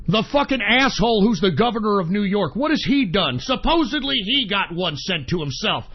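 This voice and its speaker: Talk radio host, man, very high voice, angry profane shouting rant, dull lo-fi sound. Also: sing-song, moderate pace, slightly rough. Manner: calls listeners folks. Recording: dull lo-fi internet radio recording.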